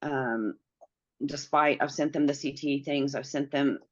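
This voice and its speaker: A woman's voice: extremely low pitch, fairly even intonation, unhurried, muffled recording. A middle-aged woman, a guest in an interview, earnestly telling a personal story and acting out the dialogue she quotes.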